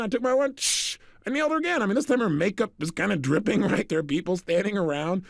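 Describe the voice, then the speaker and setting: A man giving a motivational talk, telling energetic stories and acting out the dialogue. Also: high voice, very fast, vocal fry, dry recording, clean studio sound. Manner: energetic, storytelling, acts out dialogue. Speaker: motivational speaker.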